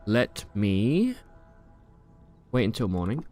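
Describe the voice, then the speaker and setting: A man's voice: lowish voice, big pitch swings, slow, dark tone, soft background music. Jokey young man commentating a game. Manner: playful, jokey, trash-talks enemies. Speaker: gaming YouTuber. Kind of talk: casual gameplay commentary.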